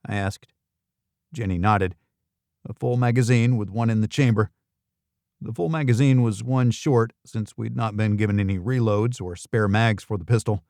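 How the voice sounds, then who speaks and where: Steady male thriller audiobook narrator. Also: fairly low pitch, moderate pace, no room sound, clean studio sound. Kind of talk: first-person thriller narration.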